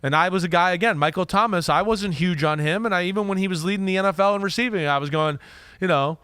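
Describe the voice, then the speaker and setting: Animated, emphatic man breaking down football. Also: high-pitched, fast talker, clean tone, no echo. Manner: animated, emphatic, frequent "right?" tags. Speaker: podcast host, former quarterback. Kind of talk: casual football analysis chat.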